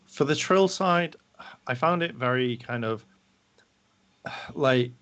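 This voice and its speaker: Animated man acting out quotes. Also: mid-range voice, slow, highs cut off. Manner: animated, acts out characters' lines while talking. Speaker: podcast co-host. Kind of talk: casual review discussion.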